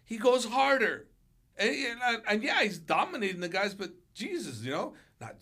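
A man, a martial arts coach guesting on a podcast, telling stories animatedly and acting out quotes with big jumps in pitch. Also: very animated, moderate pace, pushed and bright, breathy edge. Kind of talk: storytelling on a podcast.

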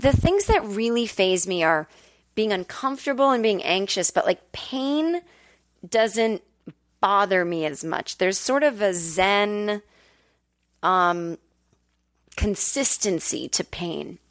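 A candid woman talking casually on her podcast from home. She chats loosely and swears now and then, with a mid-range voice. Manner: candid, chatty, swears freely, acts out quotes in a high whiny voice. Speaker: podcast host. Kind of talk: casual storytelling monologue. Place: temporary home in Brooklyn.

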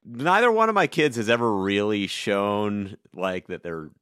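A man's voice: fairly low pitch, expressive, measured pace, a bit bright, clean tone, no room sound, studio quality. A man in his fifties co-hosting a podcast, chatting in a rambling, self-deprecating way. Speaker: podcast co-host. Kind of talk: casual chat.

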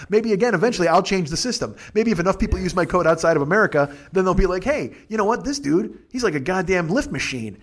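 A man hosting a casual podcast, ranting and swearing with sarcasm and mocking little impressions of other people. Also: a little high. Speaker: podcast host.

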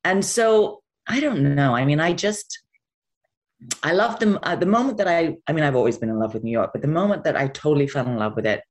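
Low-voiced woman, lively and rambling. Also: a little fast. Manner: rambling, laughs easily, many fillers. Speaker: interviewee. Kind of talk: casual interview chat.

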